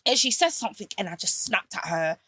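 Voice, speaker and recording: A woman, a podcast guest telling a personal story in candid casual chat, animated and swearing freely. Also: medium pitch, quick pace, husky, no room sound.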